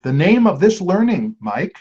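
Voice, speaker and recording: A man hosting a trivia quiz, reading clues aloud and repeating each one slowly. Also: sits high, very animated, darkish tone, breathy edge. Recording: dull lo-fi amateur recording.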